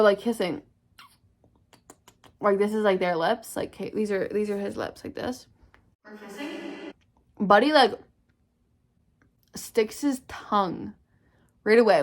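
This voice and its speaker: A young woman telling a candid, swear-filled personal story in a casual storytime vlog, acting out what people said. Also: mid-range voice. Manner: candid, swears often, animated retelling. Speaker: vlogger.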